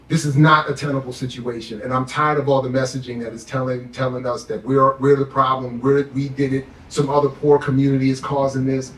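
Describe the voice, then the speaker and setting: A man's voice: medium pitch, far from the mic. A man talking with fiery, sarcastic passion about politics and money, hosting a discussion. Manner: fired-up, sarcastic, mocks the powerful in put-on voices. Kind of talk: impassioned political talk. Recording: roomy, off-mic sound.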